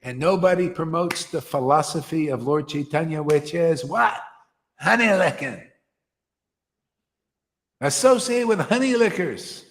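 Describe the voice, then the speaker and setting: A man's voice: fairly high pitch, expressive, a little slow, pauses often. A man giving an informal devotional sermon, rambling and slangy, often stumbling and repeating words. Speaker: spiritual teacher. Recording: long hall reverb.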